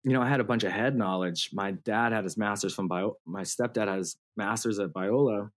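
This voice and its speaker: A man's voice: lowish voice, a little fast. A man in his thirties telling his story as a guest in a casual interview, laughing often and using slang and fillers. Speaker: guest musician.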